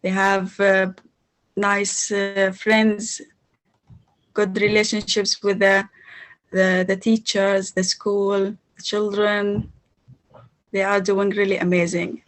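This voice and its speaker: Interview guest: woman from Syria, halting English full of pauses. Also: medium pitch, little pitch movement. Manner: non-native English, halting, with many pauses and fillers. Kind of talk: casual interview.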